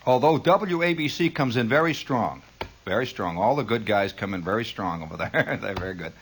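A radio host with a husky voice delivers a late-night studio monologue, animated and a little fast, his pitch swinging widely as he riffs. Dry and sardonic, he drifts between asides in a mock-grandiose manner.

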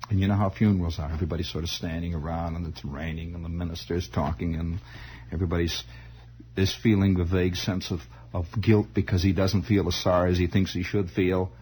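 A man telling a long personal story in a rambling, halting way, full of restarts and wry asides. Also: low voice, little pitch movement, a little mellow, breathy edge. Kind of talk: comic spoken storytelling.

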